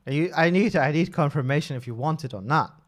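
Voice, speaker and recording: A man's voice: on the high side, fast talker. A man in his thirties chatting casually on a live stream, talkative and often restarting and correcting himself. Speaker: streamer and level designer.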